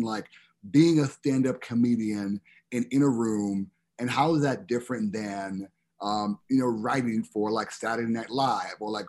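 A man hosting a podcast in casual chat, with a slight lisp from dental expanders and a halting, rambling way of asking questions. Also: mid-range voice, a little mellow. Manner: rambling, halting with many restarts. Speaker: podcast host.

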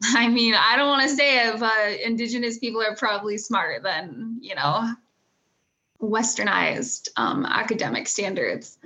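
Young woman, twenties, graduating student, interview answers, earnest, reflective, middle pitch. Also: pushed and bright. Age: 20s. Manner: earnest, reflective, with small laughs and fillers.

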